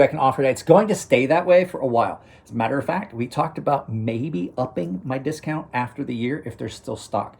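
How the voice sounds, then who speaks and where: A man's voice: mid-range voice, lively intonation, fairly quick, creaky, few pauses, a little mellow, slightly rough. A middle-aged man hosting a knife channel, chatting casually on a live stream and rambling with many restarts. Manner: rambling, restarts sentences, chuckles to himself. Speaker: knife review channel host.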